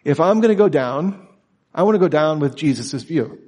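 Man, lecturer, slightly high voice, emphatic, rhetorical questions, long hall reverb. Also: expressive, normal speed, a little mellow. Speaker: teacher at a summer institute. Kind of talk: lecture to students.

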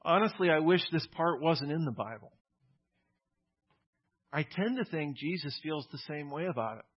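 Guy preaching a sermon, chatty and plain, kinda husky voice, muffled lo-fi recording. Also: a little high, lively intonation, moderate pace. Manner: conversational, plainspoken preaching with casual asides. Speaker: pastor.

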